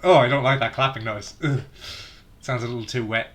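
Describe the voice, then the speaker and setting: A man's voice: medium pitch, fairly even intonation, a little fast, a bit bright. A man streaming a game, joking casually and laughing often.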